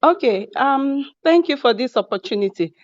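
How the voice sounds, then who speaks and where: A woman's voice: high voice, lively intonation, normal speed, dry recording. A woman calling in to a show, polite and a little hesitant. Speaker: caller. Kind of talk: phone call to a show. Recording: dull phone-call audio.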